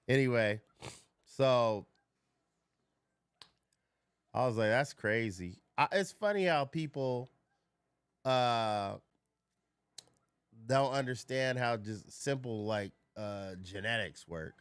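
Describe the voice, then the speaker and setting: A man's voice: medium pitch, takes it slowly, long pauses, clear, resonant tone, no echo, studio quality. A man chatting casually on a live stream, rambling through stories, swearing freely and answering his chat.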